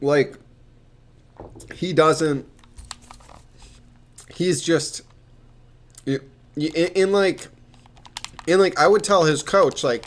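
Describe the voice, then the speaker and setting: A young adult man casually tells rambling stories about working as a peer mentor, with many restarts, fillers, and occasional swearing. His voice is fairly high, and he goes slowly, pausing often.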